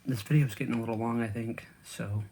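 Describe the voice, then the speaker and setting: A man's voice: medium pitch, steady tone, fairly quick, vocal fry, warm tone, husky. A man vlogging casually while he eats, rambling with lots of fillers and talking with food in his mouth. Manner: rambling, with many fillers and restarts. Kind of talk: casual chat while eating.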